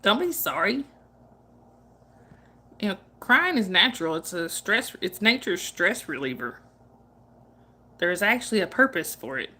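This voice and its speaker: Woman streamer, casual and chatty, crisp bright tone, laughs a lot, talks warmly to chat. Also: medium pitch, big pitch swings, unhurried, pauses often. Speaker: livestream host. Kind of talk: casual livestream chat reading viewer comments.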